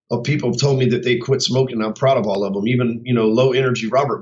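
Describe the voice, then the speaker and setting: A man talking off the cuff in his office, blunt, profane and swaggering. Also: medium pitch. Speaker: host of his own show. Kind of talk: casual unscripted monologue. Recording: dull muffled sound.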